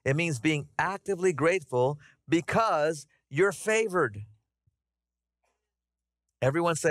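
A middle-aged man preaching a conversational, animated sermon to his congregation. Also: fairly high pitch, moderate pace, long pauses, no room sound, studio quality. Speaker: pastor. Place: church sanctuary.

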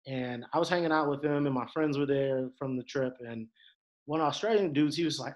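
A young man, a podcast guest, telling a story in casual chat, animated and quick to act out the voices of others. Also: mid-range voice, muffled recording. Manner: animated, acts out quoted voices, frequent restarts.

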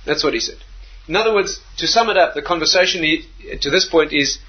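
Husky man giving a Torah lecture. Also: on the high side, brisk, lo-fi sound. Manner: animated, repeats phrases, asks rhetorical questions. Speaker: rabbi lecturer.

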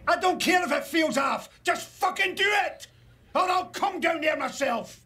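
Scottish rig boss, bullying, furious, barking, very high voice, swoops up and down, video game. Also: male voice, lively intonation, moderate pace, bright, forceful tone, heavily acted. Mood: shouting. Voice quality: harsh, barking, foul-mouthed. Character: furious middle-aged male rig boss, bullying tyrant.

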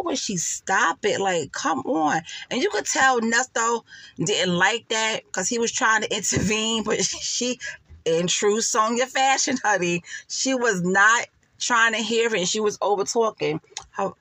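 A woman's voice: mid-range voice, bright, forceful tone, no echo. A woman, giving sassy, laughing gossip commentary and calling her listeners honey and child. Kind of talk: casual commentary vlog.

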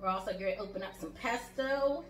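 A woman's voice: medium pitch, fairly quick, a bit bright, slight background noise. A woman with a Southern US accent giving a chatty, encouraging cooking demonstration in her home kitchen, calling her viewers y'all and honey. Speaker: home chef. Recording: echoey kitchen, voice from a distance.

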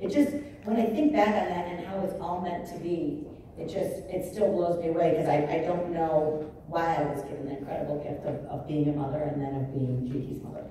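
A middle-aged woman tells a candid personal story from the stage, animated and acting out what she once said. Her voice sits low and mellow. It comes through a big echoing hall from some distance off. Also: fairly quick, a little hiss or hum. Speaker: founder giving a keynote speech. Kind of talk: personal storytelling speech to a live audience. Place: large indoor conference hall. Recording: echoey hall recording from far off.

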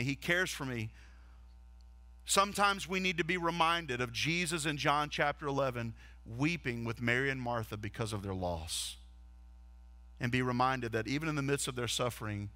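A man's voice: fairly high pitch, pushed and bright, dry recording. A man, a lead pastor, preaching a sermon earnestly and asking the congregation rhetorical questions. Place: church stage.

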